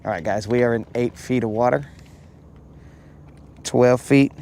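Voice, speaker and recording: Slow-talking man streaming from a fishing boat. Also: mid-range voice, gravelly, dark tone. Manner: joking, chatting to viewers while fishing. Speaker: fishing livestreamer. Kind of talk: casual live-stream chat. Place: on a boat on a lake.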